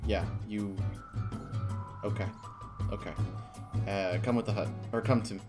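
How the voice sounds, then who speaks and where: A man voicing a solemn male fire god in a tabletop game, speaking low and subdued. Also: steady tone, a little slow, over music, lightly acted.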